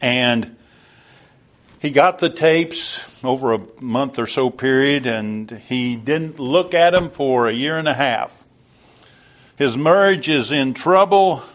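A man preaching a sermon and retelling a story in a slow, deliberate way, on a dull lo-fi recording. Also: medium pitch.

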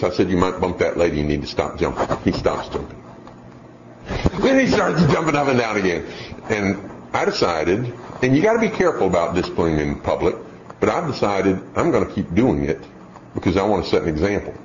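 A man casually telling a folksy, rambling story about his children, chuckling as he goes. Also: deep voice. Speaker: father telling a family story. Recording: dull lo-fi recording with faint background hiss.

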